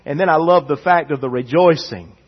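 A male pastor delivers an impassioned sermon in a high, somewhat husky voice. He takes his time and builds emphasis by repeating phrases. The recording sounds dull and lo-fi. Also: a little fast.

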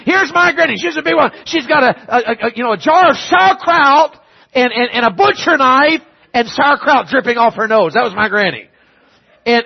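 A husky, slightly high-voiced man delivers a storytelling sermon about his family. He swings from hushed, low asides to loud, high bursts at the punchlines. The sound is dull and lo-fi. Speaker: preacher.

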